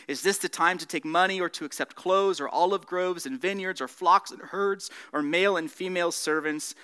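A male pastor delivering a sermon with a bright, forceful voice. He sits a little high for a man and preaches earnestly, swelling on key points and dropping softer as each one closes. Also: clean tone.

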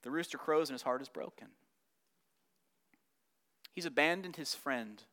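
A man's voice: medium pitch, sharp tone. A man teaching a Bible study lesson, acting out the quotes with rising and falling intensity.

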